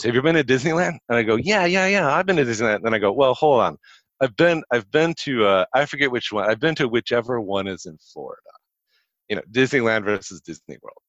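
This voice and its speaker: In a dry, lo-fi recording, a fairly low-pitched man spins long career stories as a guest in relaxed conversation. His voice leaps as he brings quoted people to life, and "like" comes up a lot.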